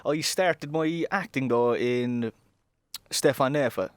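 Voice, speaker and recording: A man's voice: medium pitch, slow, smooth, dry recording. A young man from Cork with a Cork accent, an actor guest telling rambling stories in casual chat. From Cork, Ireland. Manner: chatty, rambling storyteller.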